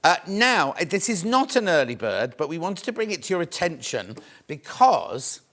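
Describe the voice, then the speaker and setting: A British man hosts a live shopping show, rattling off prices and reading out viewers' messages in a friendly patter. His voice sits a touch higher than most men's, and he clears his throat now and then. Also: big pitch swings, normal speed, fairly bright tone. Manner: chatty, reads out viewer messages, calls viewers "my love". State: coughing, mild throat trouble. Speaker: shopping channel presenter. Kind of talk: live TV selling, chatty.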